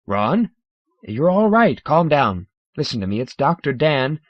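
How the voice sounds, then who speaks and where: A man's voice: medium pitch, big pitch swings, a little slow, dry recording, muffled recording. A man doing a flustered human doctor. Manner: flustered, urgent. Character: bewildered male human doctor.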